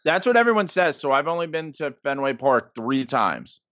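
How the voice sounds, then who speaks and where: This podcast guest, a man in his thirties, has a voice on the high side with big pitch swings, a bit bright, at normal speed and with no room sound. He rambles through casual stories full of "like" and "um," captured on dull lo-fi podcast audio.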